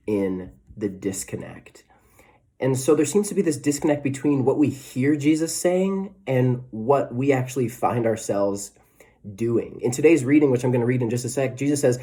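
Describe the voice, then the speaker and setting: Mellow-voiced young male pastor, chatty. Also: medium pitch. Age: 20s. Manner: conversational, self-deprecating, frequent restarts and "right?" tags. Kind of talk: sermon.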